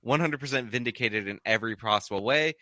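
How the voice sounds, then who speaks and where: A man's voice: medium pitch, fast talker, pushed and bright, dry recording. A man hosting a casual live stream, reading viewer messages aloud with lots of "like" fillers. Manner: reads donor messages aloud with many "like" fillers. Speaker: streamer reading super chats.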